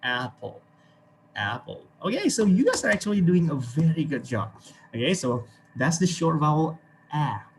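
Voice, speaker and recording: This Indonesian English teacher runs an online class in a sing-song voice on the high side, at normal speed and with his Indonesian accent. Encouraging throughout, he repeats words and sprinkles in "okay" and "right"; a little hiss or hum is audible.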